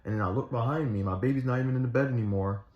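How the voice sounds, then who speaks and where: A man's voice: medium pitch, very fast, slight background noise. A man casually telling a personal faith story, rambling with restarts and earnest retellings. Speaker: Christian storyteller. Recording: echoey room, slightly dull sound.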